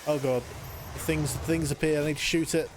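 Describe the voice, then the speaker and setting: A man with a slightly high voice rambles through a live game stream, cracking jokes and talking to the enemies on screen. His voice is recorded at a home streaming setup, and noise runs clearly under it. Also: steady tone, fairly quick. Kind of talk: live gameplay commentary.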